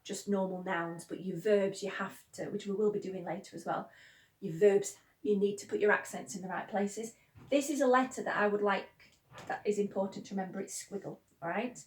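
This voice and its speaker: A woman's voice: medium pitch, moderate pace, a little mellow. A woman teaching school pupils Spanish pronunciation, patiently chanting the sounds in rhythm. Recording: echoey room.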